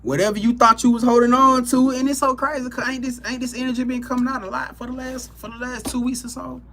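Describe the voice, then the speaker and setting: Bright-voiced man giving a tarot talk. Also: very high voice, fast, a little hiss or hum. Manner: loose, repetitive and animated, with slang and swearing. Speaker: tarot reader on a live stream. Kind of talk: casual spiritual talk to viewers.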